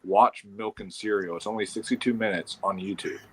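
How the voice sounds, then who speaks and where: A man's voice: lowish voice, fairly even intonation, brisk, poor audio. A man on a casual panel chat, enthusing about a comedy show with many restarts. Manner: hesitant, lots of fillers and restarts. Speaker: podcast co-host.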